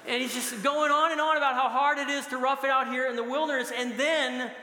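A man's voice: very high-pitched, fairly even intonation, fairly quick, sharp tone. A middle-aged man preaching a sermon, telling stories and laughing now and then as he speaks. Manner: storytelling with bursts of laughter. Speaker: pastor. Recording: echoey hall with long reverb.

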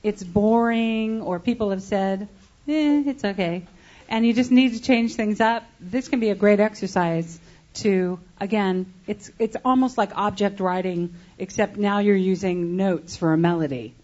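A woman's voice: mid-range voice, fairly even intonation, normal speed, darkish tone, highs cut off. A woman co-teaching a songwriting workshop, adding practical advice to the main teacher.

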